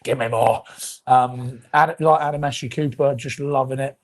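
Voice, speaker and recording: A man's voice: mid-range voice, fairly even intonation, normal speed. A man in his thirties, a podcast co-host, telling rambling comic stories in casual chat and swearing freely.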